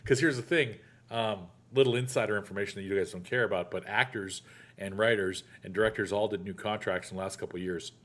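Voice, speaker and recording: A man's voice: fairly low pitch, fast talker, a bit bright. A man hosting a casual sports chat show, an actor who tells stories animatedly and acts out the quotes. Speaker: podcast host.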